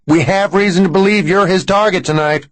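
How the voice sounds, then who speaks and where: A man's voice: high-pitched, brisk, dry recording, pitched above the performer's own voice, natural voice. A man doing a curt, tense police chief. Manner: curt, commanding. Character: sweating, tense middle-aged police chief.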